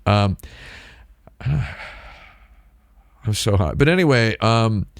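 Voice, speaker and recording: Rambling man with a low dry voice. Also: lively intonation, slow, no echo. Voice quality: rambling and digressive, with frequent restarts. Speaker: livestream host. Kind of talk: casual chat on a live stream.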